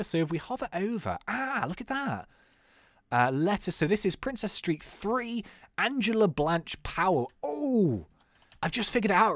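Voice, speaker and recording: A man's voice: a little high, a bit bright. A man giving casual, playful game commentary, thinking aloud as he plays. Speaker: gaming YouTuber.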